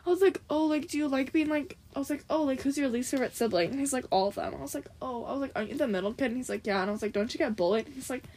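A woman's voice: high voice, racing, few pauses, a little mellow. A young woman in casual chat, telling stories with lots of giggling and quoted lines. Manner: giggly storytelling, quoting others.

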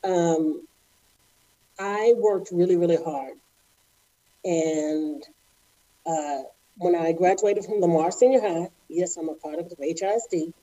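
A middle-aged woman from Houston, a former ballerina telling her story as an interview guest, animated and acting out the voices of people she quotes. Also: on the low side, slow pace, long pauses, muffled recording. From Houston, Texas.

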